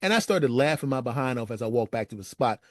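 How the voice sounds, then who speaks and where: Animated man telling a story. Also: fast talker, no echo, studio quality. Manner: animated, acts out friends' lines in raised pitch. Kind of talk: personal storytime monologue.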